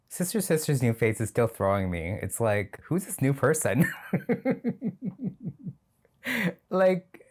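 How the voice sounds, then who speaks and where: A man's voice: medium pitch, sing-song, takes it slowly, long pauses, a little mellow. A man hosting a reaction video, talking casually and sardonically and laughing often.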